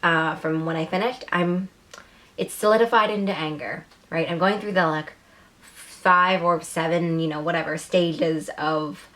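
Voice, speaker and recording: Casting: woman vlogger, lowish voice, rambling, frustrated review. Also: a bit bright. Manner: rambling, frustrated, lots of filler words. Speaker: book reviewer. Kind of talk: casual vlog review.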